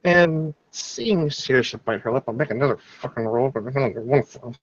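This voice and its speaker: A man with a mid-range voice speaks at a moderate pace over dull audio carrying a slight hiss or hum. He's playing a tabletop role-playing game, narrating his character's actions in a loose, rambling way and swearing a lot.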